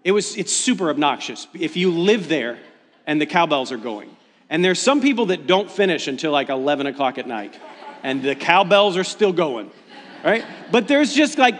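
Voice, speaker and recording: Male pastor, sermon delivery, animated and self-deprecating, higher voice, hall reverb. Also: moderate pace. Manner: animated, self-deprecating storytelling with rising pitch when excited.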